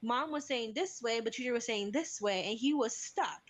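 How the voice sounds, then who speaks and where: Animated mom chatting about parenting. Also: female voice, a little high, moderate pace. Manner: animated, acts out voices of kids and parents. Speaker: host. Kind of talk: casual chat.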